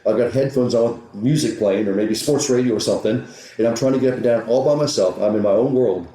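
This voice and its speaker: Man, golf coach, rapid storytelling, acts out dialogue, echoey room. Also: mid-range voice, warm tone. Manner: retells conversations with quick back-and-forth dialogue. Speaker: golf teaching professional. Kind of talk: storytelling in a podcast interview. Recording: roomy echo.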